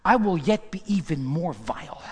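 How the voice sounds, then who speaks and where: A man voicing a defiant, exultant king who shouts back at his scornful wife. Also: on the high side, big pitch swings, normal speed, slightly rough. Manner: defiant, loud, rising to a shout.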